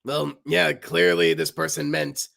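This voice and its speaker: A woman's voice: deep voice, little pitch movement, measured pace, creaky, a bit bright, heavily acted. A woman voicing a smug, sarcastic male knife object from a fan-made cartoon, in near her own voice. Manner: dry, smug.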